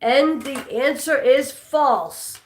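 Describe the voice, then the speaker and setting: A woman's voice: high voice, very slow, darkish tone, a little hiss or hum. A woman with a New York accent hosting a live trivia stream, chatting with viewers and reading their comments aloud. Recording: echoey room.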